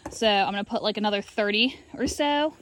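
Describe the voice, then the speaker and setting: A woman sheep farmer filming a casual vlog outdoors in her pen on a handheld camera, chatting and coaxing her animals in a high sing-song. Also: brisk, fairly bright tone. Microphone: handheld camera while working.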